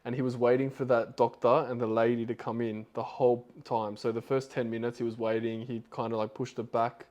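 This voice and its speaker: A man's voice: mid-range voice, flat delivery, a little fast, few pauses, a little mellow, dull audio. A man hosting a podcast, retelling a story in a loose, rambling way with lots of fillers. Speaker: podcast host.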